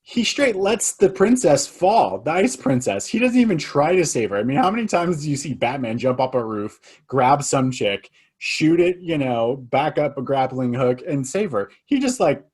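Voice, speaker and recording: A man's voice: fairly high pitch, very animated, normal speed, few pauses, darkish tone, breathy edge. A man co-hosting a casual film review podcast, rambling and joking with lots of fillers. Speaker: co-host. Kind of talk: casual movie review chat.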